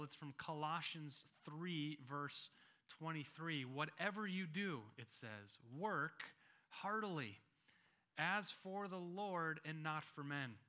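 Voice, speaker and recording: A male pastor delivers a sermon in a bright, forceful voice pitched a touch above most men's. He reads scripture slowly and deliberately, then leans on key phrases and repeats them for emphasis.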